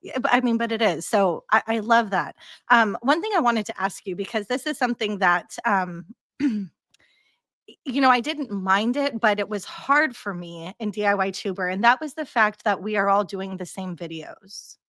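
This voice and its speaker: A woman's voice: mid-range voice, lively intonation, moderate pace, fairly bright tone, dry recording. A woman hosting an interview in a bubbly, engaging and encouraging way, often adding "you know" to her sentences. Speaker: podcast host. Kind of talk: casual interview conversation.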